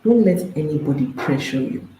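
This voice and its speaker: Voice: mid-range voice, lively intonation, moderate pace, mellow, reverberant, low-quality recording. A marriage and intimacy coach, speaking to an audience, emphatic and repeating phrases, firing off rhetorical questions.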